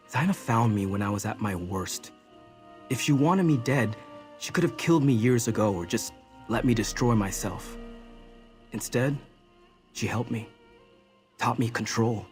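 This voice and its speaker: An actor voicing a loyal, calm male apprentice with dangerous powers, speaking earnestly and persuasively. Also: on the low side, close to an everyday voice.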